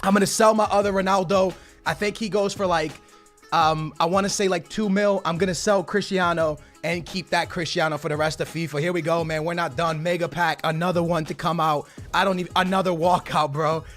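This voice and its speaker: A young man opening game card packs, excitable and stammering, his voice shaky with excitement as he keeps calling out to his viewers. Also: sits high, a little fast, faint music behind. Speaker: gaming YouTuber. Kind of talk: excited pack-opening commentary.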